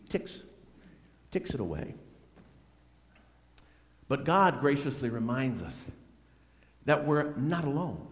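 A man preaching a sermon as a pastor, earnest and conversational, with strong swings between loud and soft. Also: sits high, in a large hall.

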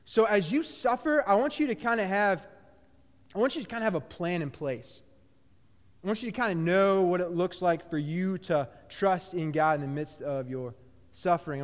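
A man preaching a sermon, animated, with loud bursts that drop to quiet low phrases and frequent restarts. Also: in a large hall. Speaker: pastor.

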